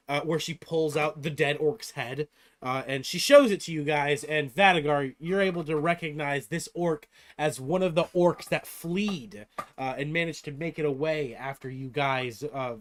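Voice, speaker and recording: A man narrating as game master in a tabletop game, teasing his players and swearing casually. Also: fairly high pitch.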